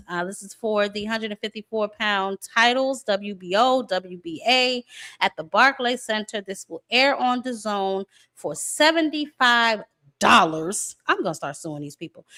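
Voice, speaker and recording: A woman's voice: mid-range voice, sharp tone. A woman hosting a boxing live stream in casual chat, sassy and playful, greeting viewers as baby and y'all. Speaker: boxing show host.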